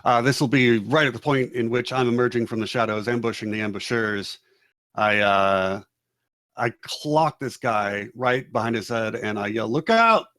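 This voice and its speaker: A man with a mid-pitched voice talks through his character's moves at a tabletop game session. His delivery is relaxed, and the sound is dry and close, with little room echo. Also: moderate pace. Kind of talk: casual tabletop game talk.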